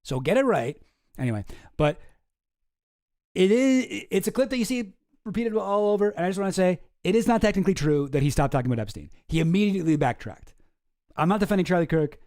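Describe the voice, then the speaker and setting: A man's voice: high-pitched, expressive, quick pace, darkish tone, no echo, studio quality. A man hosting a stream, reacting to clips with rambling, profane, sarcastic chat. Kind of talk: casual chat.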